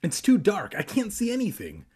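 A man voicing a reckless, excitable boy from a kids' horror book, with his pitch jumping high. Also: moderate pace, breathy edge, exaggerated voice. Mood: curious.

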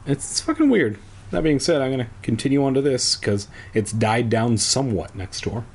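A man's voice: mid-range voice, animated, moderate pace, darkish tone, a little hiss or hum. A man reading a children's book aloud and breaking off for wry, crude jokes. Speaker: reader.

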